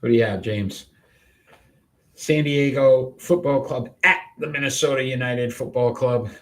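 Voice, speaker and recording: Man, sports show co-host, mid-pitched voice, upbeat announcing, casual banter. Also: measured pace. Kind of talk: casual sports picks chat.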